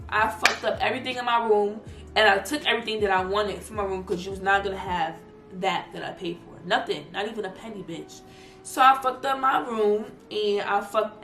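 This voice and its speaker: A young woman vlogger telling a heated story, switching to squealed impressions of other people as she tells it. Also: medium pitch. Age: young adult. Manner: animated, heated retelling with squealed imitations of others. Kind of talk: storytime vlog. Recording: echoey room, music underneath.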